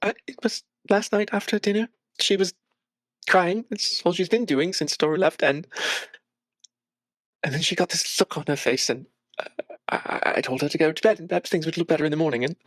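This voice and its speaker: A man's voice: on the high side, fairly bright tone, dry recording, pitched above the performer's own voice, lightly acted. A man doing a frantic tearful village woman. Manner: breathless, stammering, pleading.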